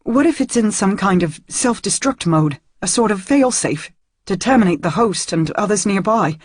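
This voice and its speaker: A sharp-tongued middle-aged mother who snaps back defensively, as a woman narrating voices her. She has a husky, breathy tone and speaks up with tension. The recording is dry and close. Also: medium pitch, lively intonation, moderate pace, dry recording, voice pushed up. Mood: worried. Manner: snappish, defensive.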